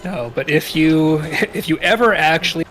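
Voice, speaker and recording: A man's voice: fairly high pitch, animated, moderate pace, a bit bright, soft background music. A man in casual voice chat who chuckles and explains game lore to friends. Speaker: gamer co-host. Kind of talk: casual voice-chat banter while gaming.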